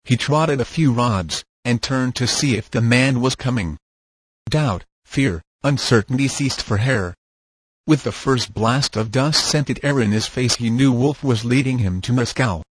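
A man narrating an audiobook in a steady, measured reading voice. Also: medium pitch, slightly rough, no room sound.

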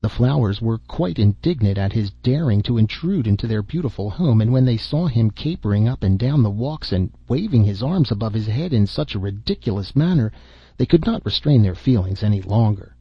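A man narrating a classic fairy tale in a measured, even reading. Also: on the low side, husky, dry recording. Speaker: audiobook narrator. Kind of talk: storybook narration. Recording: dull, dry lo-fi recording.

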